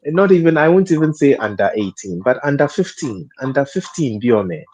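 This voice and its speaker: A man's voice: mid-range voice, very animated, moderate pace, a little mellow, slight background noise. A man speaking as a panel guest in a studio discussion, hesitant, repeating words and laughing often.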